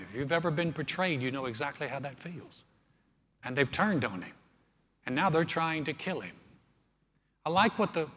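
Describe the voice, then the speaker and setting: A male pastor preaching a sermon, earnest, building in force as he quotes scripture. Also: a little high. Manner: earnest preaching, swelling louder when quoting scripture. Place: church sanctuary. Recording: church hall reverb.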